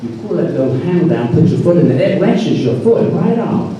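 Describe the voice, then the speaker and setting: A man's voice: a little high, fairly quick, dull audio, slight background noise, pitched above the performer's own voice. An older man voicing his younger self, a hill farmer playing dumb in a drawling Appalachian mountain accent. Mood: deadpan. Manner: drawling, deadpan put-on. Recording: echoey hall from far off.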